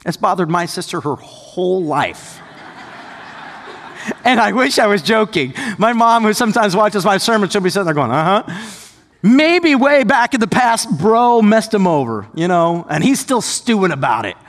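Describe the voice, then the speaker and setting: A male pastor preaches in a high, lively voice that leaps up and down as he tells the story. He talks to the congregation casually, breaking into sudden shouts and joking asides. His voice rings with the long reverb of a church hall. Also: normal speed. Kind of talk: sermon.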